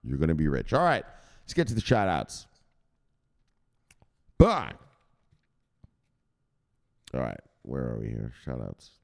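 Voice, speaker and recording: A man hosting a crypto news show as a casual livestream, hyped and profane, shouting out viewers. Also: very deep voice, wildly swooping pitch, brisk, gravelly. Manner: talks straight to viewers, gives shout-outs. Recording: echoey room with long reverb.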